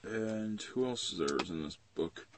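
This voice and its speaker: A man's voice: lowish voice, animated, normal speed, a little hiss or hum. A young man casually rambling through a comic book review, with plenty of fillers and swearing. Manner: rambling and profane, with many fillers.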